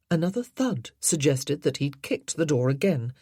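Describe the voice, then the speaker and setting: A woman narrating an audiobook, measured and expressive in her storytelling. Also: deep voice, slightly rough, no echo, clean studio sound. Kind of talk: scripted narration.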